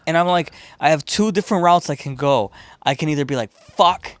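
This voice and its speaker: A man's voice: on the high side, a little fast, no echo. A man from Chicago hosting a podcast, telling a long, profane, rambling story in casual chat and acting out the people in it. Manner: profane, rambling, animated retelling with quoted voices. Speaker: podcast host.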